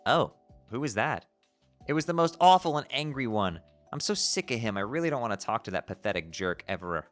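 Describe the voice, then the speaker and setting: Man voicing a fed-up teenage girl; whiny, jumpy pitch, lively swings. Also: fairly quick, soft background music, close to an everyday voice. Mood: unsure. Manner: exasperated, whiny. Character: frazzled, irritable teenage human girl. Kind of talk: reading a webcomic aloud.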